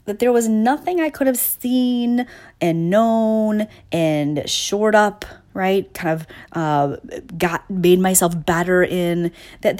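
A woman giving a reflective, conversational talk on emotional awareness, often checking in with "right?", restarting her words and laughing softly. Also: fairly low pitch.

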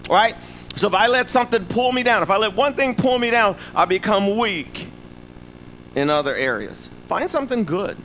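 A man preaching a sermon in an animated, joking way, with rhetorical asides to the congregation. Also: sits high, normal speed, slight background noise, poor audio. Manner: animated, humorous, call-and-response asides.

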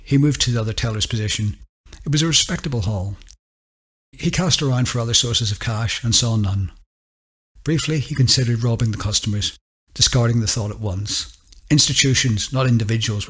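A man reading a story aloud as narrator, in a measured, steady storytelling delivery. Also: lowish voice, husky.

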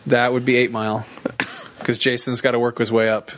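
A man's voice: medium pitch, level tone, a little fast, fairly bright tone. A man co-hosting a casual comedy podcast, trading wry jokes. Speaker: podcast co-host.

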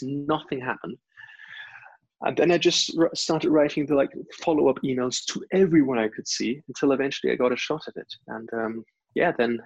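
A man with a German accent telling stories in an interview, animated, acting out what others said, with stammered restarts. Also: mid-range voice, breathy edge, no echo. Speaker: interview guest, event host. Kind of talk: casual storytelling interview. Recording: slightly dull lo-fi audio.

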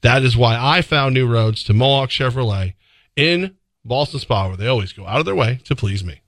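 A man's voice: mid-range voice, normal speed, a bit bright, dry recording. A man co-hosting a sports radio show, chatting casually and rambling through a live ad read, laughing easily. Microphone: studio microphone.

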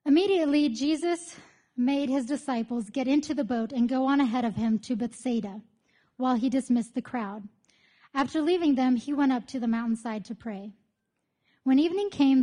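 Chatty high-voiced woman teaching Bible study. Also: fairly quick. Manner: chatty, candid, lively storyteller. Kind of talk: casual teaching with storytelling. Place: church meeting room with group.

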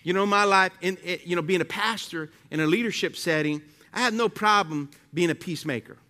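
Man, pastor, lively sermon, call-and-response, high voice. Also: brisk. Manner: animated call-and-response preaching with rhetorical questions.

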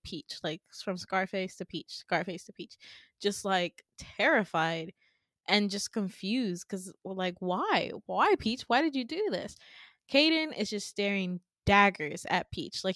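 Animated young woman retelling a dream. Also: mid-range voice, unhurried, no echo, clean studio sound. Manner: animated, swearing, laughing asides. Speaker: podcast host. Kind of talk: casual storytelling.

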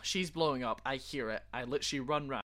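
A young man in casual chat, telling a workplace story in an animated way and laughing often. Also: mid-range voice, fast. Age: young adult.

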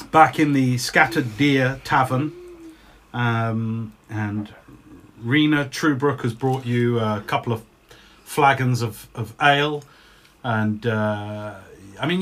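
A man's voice: mid-range voice, a bit bright. A man serving as game master for his children, narrating their tabletop adventure in a loose, joking way and laughing easily.

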